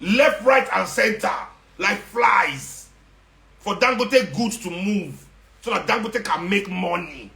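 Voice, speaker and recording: An activist with a Nigerian accent rants at his followers in an impassioned monologue, full of sarcasm, confrontation and hammering repetition, slipping into Nigerian Pidgin along the way. His fairly high, gravelly voice is pushed and bright, with lively intonation and a slow delivery. The room is roomy and echoey.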